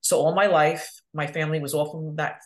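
A woman's voice: low-pitched, fairly even intonation, a little fast, a little mellow. A middle-aged woman from New York, a podcast guest who chats casually, laughs often and tells stories with animation. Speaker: podcast guest, real estate agent. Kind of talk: casual chat.

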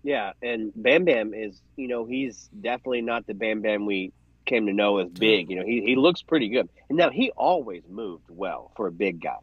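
A husky man chats in a relaxed, agreeable way, backing up his co-host. His voice comes through a dull, lo-fi mic in a dry space. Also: fairly low pitch, normal speed, no echo. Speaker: podcast co-host. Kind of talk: casual chat.

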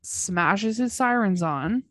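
A woman's voice: mid-range voice, expressive, takes it slowly, no room sound, clean studio sound. A woman co-hosting a podcast, casually recapping a TV episode point by point in a chatty, emphatic way. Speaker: podcast co-host.

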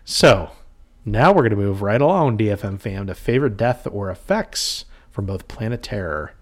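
A man with a fairly low voice co-hosts a podcast. He talks casually and keeps breaking into laughter as he reads out favorite lines. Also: animated, moderate pace. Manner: laughs often while reading movie quotes. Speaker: podcast co-host. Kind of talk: casual chat.

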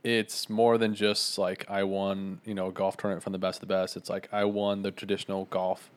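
Young man, casual podcast co-host, slightly low voice, relaxed and slangy. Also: a little fast. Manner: laid-back, rambling, slangy. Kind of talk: casual chat.

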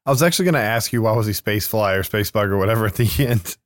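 A man's voice: on the low side, animated, racing, no echo, studio quality. A man co-hosting a podcast, chatting casually, reflecting on films and asking his partner questions. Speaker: podcast co-host. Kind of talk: casual chat.

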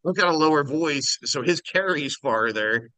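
A man's voice: on the high side, animated, normal speed, pushed and bright, no room sound, rough recording. A middle-aged man co-hosting a casual podcast over a video call, telling a story animatedly and acting out the voices in it. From Minnesota. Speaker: podcast co-host.

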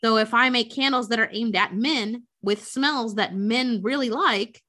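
A woman's voice: a little high, a little slow, sharp tone. A woman in casual chat, retelling a story with frequent swearing and acted-out quotes. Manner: chatty, swears freely, acts out quotes. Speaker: podcast co-host recapping a film.

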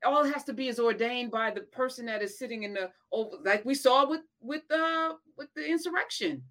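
A woman's voice: a little high, brisk, a bit bright. A woman, co-hosting and teaching, chatting casually and laughing along. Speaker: co-host and teacher. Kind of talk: casual discussion.

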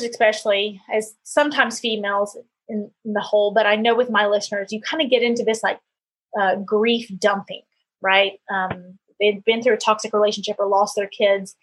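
A middle-aged woman hosts a podcast in a casual interview style, chatting and sharing personal anecdotes packed with fillers. Her voice is medium in pitch, fairly bright, and slightly rough.

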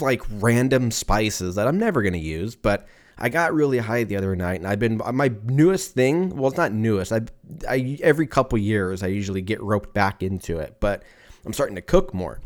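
A man in his thirties hosting a podcast on his own, rambling, swearing casually and laughing at his own jokes. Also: fairly low pitch. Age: 30s. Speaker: podcast host. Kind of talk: casual solo podcast chat.

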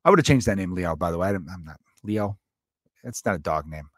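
A man's voice: low voice, lively intonation, fast, no room sound, clean studio sound. A man in his thirties hosting a comedy podcast, telling a loose, profane, jokey story.

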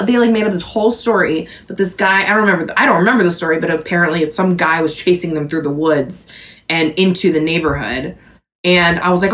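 Chatty woman podcast host, lower voice. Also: fast, fairly bright tone. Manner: chatty, laughs often, lots of "like". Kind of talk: casual chat.

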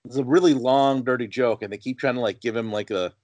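A man's voice: medium pitch, fast, darkish tone, no room sound. A man co-hosting a podcast in casual film discussion, recounting scenes in a conversational, analytical way. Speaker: podcast co-host.

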